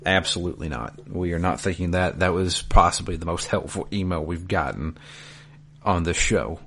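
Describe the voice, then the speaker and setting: Casting: deep-voiced male podcast host, reads listener mail with dry asides, faint hum under it. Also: moderate pace, creaky, fairly bright tone. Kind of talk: casual podcast chat.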